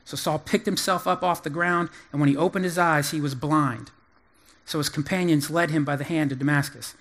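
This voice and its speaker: A man preaching a sermon and explaining scripture with animated emphasis and folksy humor. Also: on the high side. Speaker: pastor.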